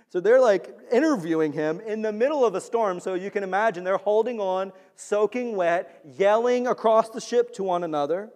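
An animated male preacher delivering a sermon, his voice pitched high and climbing to near-shouts when he drives a point home. The sound rings with the long reverb of a large hall. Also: moderate pace, hardly any pauses.

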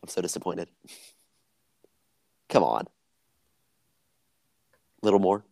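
A man's voice: low voice, big pitch swings, slow pace, creaky, dark tone, no echo. A young man in casual podcast chat, teasing and quizzing his friend.

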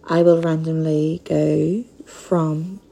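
A woman in her thirties with a Northern Minnesotan accent, hosting a casual solo podcast and talking slowly and hesitantly, with frequent pauses. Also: sits low, flat delivery, creaky, warm tone, poor audio. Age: 30s. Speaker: podcast host.

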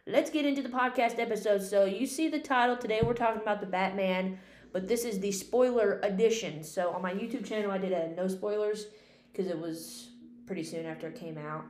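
A woman's voice: medium pitch, a little fast, a little mellow. A woman hosting a casual, unscripted podcast, rambling chattily about movies and swearing freely. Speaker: podcast host and film critic. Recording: echoey room with faint hum.

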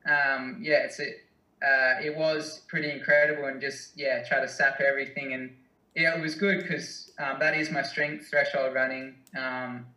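Bright-voiced Australian man, roomy sound. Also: mid-range voice, flat delivery. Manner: hesitant, halting, self-deprecating. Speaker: guest, distance runner. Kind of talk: casual interview answers. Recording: roomy, mic at a distance.

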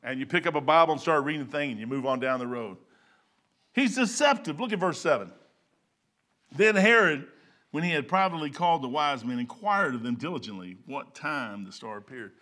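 An older man giving an informal sermon in a folksy, excitable way, breaking into loud outbursts. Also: on the high side, brisk. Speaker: preacher.

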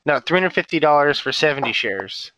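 A man's voice: fairly high pitch, lively intonation, brisk, bright, forceful tone, poor audio. A young man co-hosting a podcast, joking through casual banter and mock ad reads. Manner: jokey, mock ad-read delivery. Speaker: podcast co-host.

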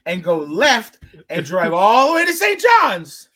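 A man telling a long, animated, profane story in casual chat, punchy and emphatic. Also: sits high, a little slow. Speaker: podcast co-host telling a story.

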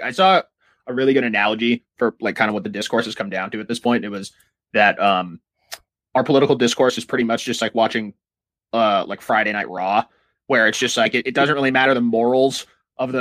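A man talking fast in a heated, profane rant, full of filler words. His pitch sits in an ordinary middle range. The sound is dry and close. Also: fairly bright tone, no room sound. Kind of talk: casual political chat.

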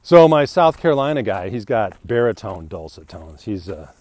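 Very animated at normal speed, this fairly low, darkish male voice belongs to a podcast host. Walking outside near a new bridge, he delivers a loose, rambling monologue full of self-deprecating jokes.

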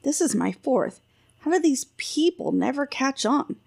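Brief: gruff old storybook king, grumbling and commanding, gravelly edge, read by a woman. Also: high voice, very animated, unhurried, darkish tone, voice pushed up, exaggerated voice. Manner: grumbling, then commanding orders. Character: gruff jovial old king, blunt and impatient.

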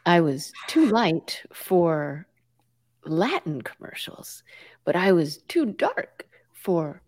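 Brief: American woman guest, animated conversational storyteller, uses lots of fillers. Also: fairly low pitch, slow. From United States. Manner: lively, many fillers, mixes in Spanish words.

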